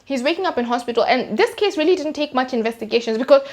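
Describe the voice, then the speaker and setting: Kenyan girl youtuber, slangy storytime vibe, kinda high voice, really emphatic. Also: fast talker, few pauses. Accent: Kenyan English. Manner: animated, slangy, emphatic retelling. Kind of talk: true-crime storytime vlog.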